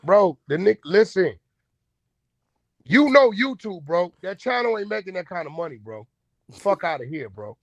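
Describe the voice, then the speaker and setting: A man hosting an online talk room, naturally loud, blunt and aggressive, with profane casual speech. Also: sits high, big pitch swings, normal speed, no echo. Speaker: host. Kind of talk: heated casual chat. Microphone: online audio room.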